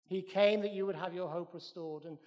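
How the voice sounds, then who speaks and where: High-voiced Welsh preacher in a reverberant church. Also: male voice, fairly even intonation, brisk, darkish tone. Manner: emphatic, repeats phrases in threes. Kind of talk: sermon.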